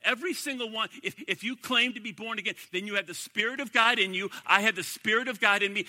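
A man's voice: sits high, fast talker, hardly any pauses, bright, forceful tone, in a large hall. A man preaching a sermon as pastor, emphatic and repeating his key phrases.

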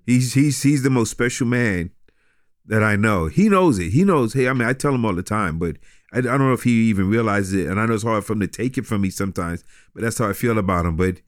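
A man, a pastor talking in a casual interview, halting and repeating words, laughing often. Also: fairly low pitch, lively intonation, no echo, studio quality. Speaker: pastor and guest.

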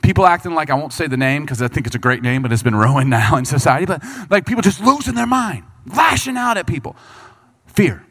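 A man delivers a sermon with a lively voice that swoops from low murmurs to sudden high bursts. His pitch sits a little above the usual for a man. He reads scripture, then slips into quick acted lines for the people in the story. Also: creaky, breathy edge. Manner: animated preaching, voices Bible figures and people in quick asides. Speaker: pastor.

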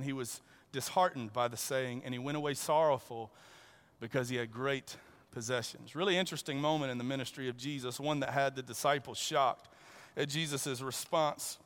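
A male preacher giving an animated, conversational sermon and acting out the dialogue as he goes. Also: mid-range voice. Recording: long reverb in a large hall.

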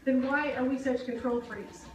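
A woman's voice: high-pitched, fairly even intonation, normal speed, noisy background. A woman preaching a sermon, earnest and conversational, often asking the congregation questions. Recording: echoey hall, mic at a distance.

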